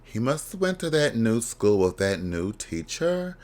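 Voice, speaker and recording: A man's voice: mid-range voice, big pitch swings, measured pace, a little mellow. Laughing, blunt man reacting on camera. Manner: candid, blunt and bawdy, laughing often. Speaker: drag reaction video host. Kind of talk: casual reaction commentary.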